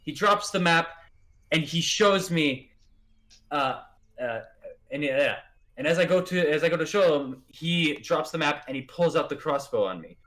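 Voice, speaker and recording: A man voicing a male stranger with a crossbow who insists on his side of events, stammering and rushed. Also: fairly high pitch, animated, fairly bright tone. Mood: insistent.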